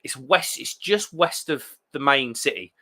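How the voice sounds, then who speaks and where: A man's voice: mid-range voice, lively intonation, measured pace, pushed and bright. A man hosting a beer live stream, chatting casually and rambling through viewer comments with plenty of restarts. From England.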